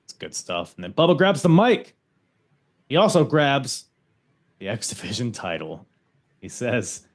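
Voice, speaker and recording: A man's voice: on the low side, big pitch swings, normal speed. A man hosting a podcast, recapping events in a loose, casual chat and laughing often. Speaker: podcast host.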